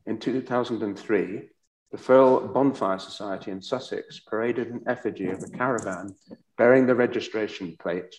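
Measured male host in a roomy hall. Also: fairly low pitch. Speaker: event host. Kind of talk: hosting a poetry event and reading a poem aloud.

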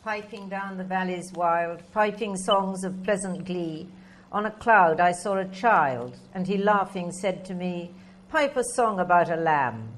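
A woman reading poems aloud in a measured recitation. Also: lowish voice. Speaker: poetry reader. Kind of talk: poetry reading.

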